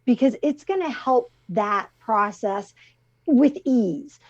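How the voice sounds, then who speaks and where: A middle-aged woman co-hosting a talk show, chatting easily and laughing often as she gently explains things over a video call. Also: on the high side, animated, slow. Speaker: co-host presenting the crystal of the week. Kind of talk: casual chat. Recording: slightly muffled call audio.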